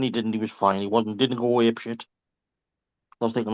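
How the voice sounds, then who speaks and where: A group-call regular in a reading group, this man has a mid-range voice with flat, brisk delivery. He tells casual anecdotes chattily, swearing freely and laughing through them. The recording is dry and slightly muffled.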